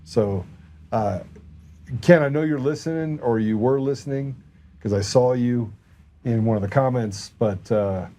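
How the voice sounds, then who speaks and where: A man's voice: mid-range voice, unhurried. A man hosting a podcast, telling a story in casual chat and quoting others in his own voice. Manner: animated anecdote teller, quotes people in his own voice. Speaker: podcast host.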